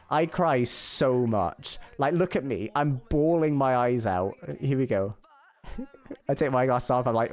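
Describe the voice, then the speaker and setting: Emotional, rambling male streamer. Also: mid-range voice. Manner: excited, emotional, rambling with restarts. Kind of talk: casual stream recap.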